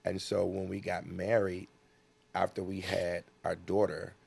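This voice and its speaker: A man's voice: low-pitched, little pitch movement, unhurried, gravelly, a little mellow, slightly rough. A man from the United States, a guest in an interview, telling a personal story earnestly and acting out what people said.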